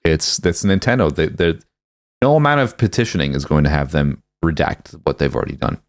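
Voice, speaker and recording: A man's voice: a bass voice, very animated, a little fast. A man in his thirties co-hosting a casual podcast, reading articles aloud with dry sarcasm. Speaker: podcast co-host.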